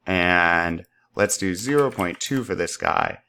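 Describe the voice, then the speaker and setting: Upbeat man teaching software, lower voice. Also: expressive, slow pace, clean tone. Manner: upbeat, playful sound effects. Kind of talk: screen-recorded tutorial.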